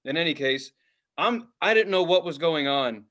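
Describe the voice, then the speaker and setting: A man's voice: fairly high pitch, animated, moderate pace, a bit bright, muffled recording. A young man co-hosting a podcast, telling a long, rambling, profane story in casual chat. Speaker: podcast co-host.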